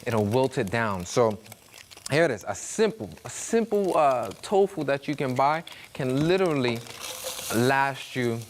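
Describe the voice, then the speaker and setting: A man's voice: mid-range voice, very animated, unhurried, a little hiss or hum. A man from Brooklyn with a Brooklyn accent, hosting a cooking demonstration in a chatty, joking way with food sizzling behind him. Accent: New York (Brooklyn). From Brooklyn, New York. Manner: chatty, jokey storyteller, acts out voices in anecdotes. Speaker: cooking show host. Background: food sizzling in a pan.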